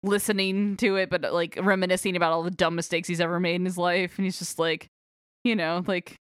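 A woman rambles through a story recap in a loose, chatty way, with frequent giggles and "um"s. Her voice is medium in pitch and recorded dry and close, with no room sound. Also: little pitch movement, fairly quick, clear, resonant tone, no echo. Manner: giggly, rambling with many fillers. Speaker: podcast co-host recapping a book. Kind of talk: casual chat.

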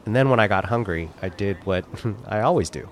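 A man's voice: lowish voice, expressive, a little fast, slight background noise. A man with a stuffed-up nose from a cold, telling travel and food stories in a casual chat with his co-host. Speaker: podcast co-host.

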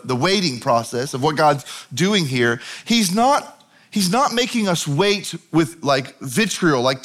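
A man preaching a sermon, telling a Bible story in a conversational, animated way. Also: high voice. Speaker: pastor.

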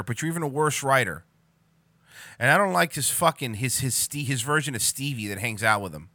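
A man's voice: medium pitch, lively intonation, brisk, pushed and bright, no room sound, clean studio sound. A man ranting sarcastically and swearing a lot as he reacts to a video for comedy. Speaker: reaction commentator. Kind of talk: profane comedic reaction commentary.

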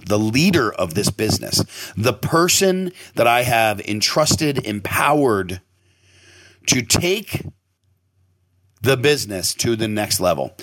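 A middle-aged man, a restaurant owner, telling a long story in a casual, emphatic way and swearing now and then. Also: medium pitch. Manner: animated, emphatic, profane storyteller with sudden loud bursts. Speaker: restaurant owner and podcast host.

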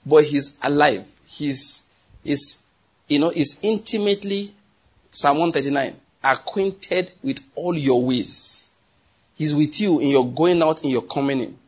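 A man's voice: on the high side, unhurried, slightly rough. A man preaching a sermon, telling stories, asking the audience questions and laughing often. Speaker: pastor.

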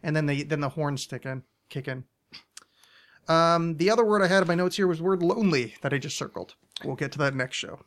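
Higher-voiced rambling male podcast host. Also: a bit bright. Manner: rambling, self-deprecating, halting restarts. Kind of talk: casual podcast chat.

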